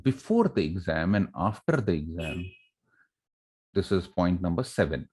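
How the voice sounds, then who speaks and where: A deep-voiced, middle-aged man speaking English with an Indian accent, lecturing students on handling exam nerves. He drills his points by repeating them, stretches words out slowly for emphasis and keeps asking his audience rhetorical questions. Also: expressive, mellow, breathy edge. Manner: repeats key phrases and quizzes listeners with rhetorical questions. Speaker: college academic director giving exam advice.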